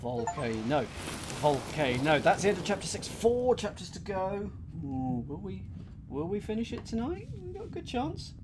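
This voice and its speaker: A man's voice: sits high, sing-song, moderate pace, background noise. A man casually commenting as he plays a puzzle game, with self-deprecating jokes and mumbled thinking aloud. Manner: self-deprecating, jokey asides. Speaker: let's-play host.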